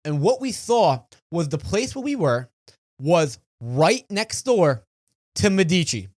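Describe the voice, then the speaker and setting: Young man, podcast co-host, playful teasing, laughs easily, fairly high voice. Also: big pitch swings, slow, a little mellow. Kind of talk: casual chat.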